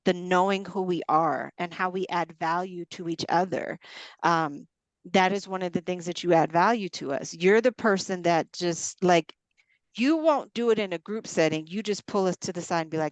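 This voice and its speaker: A woman co-hosting a casual chat, lively and acting out quoted voices as she talks. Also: fairly low pitch, normal speed, no room sound. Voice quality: animated, acts out quoted voices.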